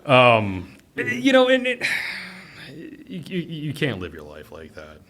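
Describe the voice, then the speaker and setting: A man's voice: on the high side, huge pitch swings, slow, a bit bright. A man, a pub owner, talking bluntly in a casual interview, swearing freely and laughing through his stories. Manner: blunt and profane, laughs while telling stories.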